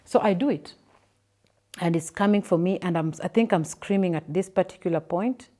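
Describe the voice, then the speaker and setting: A Kenyan woman in her thirties recounts her own experiences in an interview, speaking softly with frequent fillers and repeated words. Her voice sits a little low and sounds warm and mellow rather than bright. The pace is unhurried and personal. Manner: soft, halting storytelling with repeated words and fillers. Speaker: guest telling her story.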